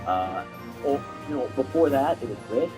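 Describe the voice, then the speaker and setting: A man's voice: medium pitch, lively intonation, normal speed, over music, rough recording. A young man talking casually to camera, telling a rambling, profane, slang-heavy story as a video creator.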